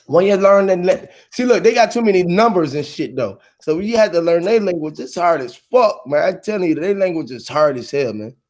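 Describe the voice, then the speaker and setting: A high-voiced man with a lively, bouncing pitch, chatting casually as host. He jokes constantly and laughs a lot, often dropping into playful put-on voices. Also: moderate pace, hardly any pauses. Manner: joking, laughs often, slips into mock voices. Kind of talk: casual chat.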